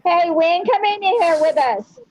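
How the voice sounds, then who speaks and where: A woman's voice: extremely high pitch, expressive, normal speed, no echo. A woman hosting a casual live-stream chat, talking in a playful, coaxing way. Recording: dull, dry lo-fi audio.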